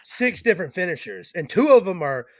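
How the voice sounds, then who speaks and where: Male podcast host, somewhat high voice, dry close sound, profane banter. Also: very animated, brisk, dry recording. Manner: profane, joking. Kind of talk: casual chat.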